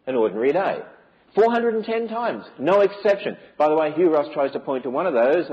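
A man's voice: on the high side, highs cut off. A man giving an emphatic preaching lecture to a church audience, with many rhetorical questions. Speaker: speaker on biblical creation.

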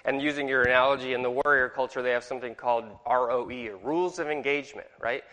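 A man's voice: mid-range voice, fairly even intonation, fast, pushed and bright. A middle-aged man teaching a Bible class in a jokey way and asking the room questions. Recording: long hall reverb.

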